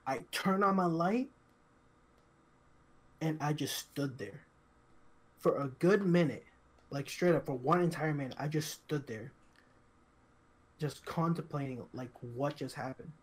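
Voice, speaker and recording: A young man co-hosting a podcast, telling a story in casual chat, halting and repetitive, full of fillers and restarts. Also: on the high side. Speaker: podcast co-host.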